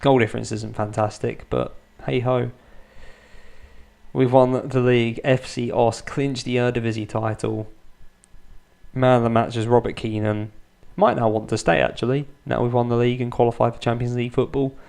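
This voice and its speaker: A man's voice: medium pitch, level tone, normal speed, vocal fry. A man in his thirties doing Let's Play commentary at home at night, keeping his voice down so his sleeping children stay asleep, with dry, self-mocking humour. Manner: restrained, kept quiet so as not to wake his children. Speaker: gaming YouTuber.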